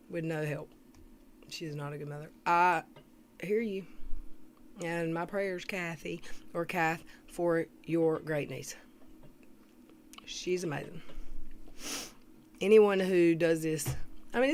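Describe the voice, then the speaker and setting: A woman, hosting a casual commentary livestream, reading viewer comments aloud and often clearing her throat. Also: on the low side, a little hiss or hum. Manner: chatty, greets viewers, reads comments aloud.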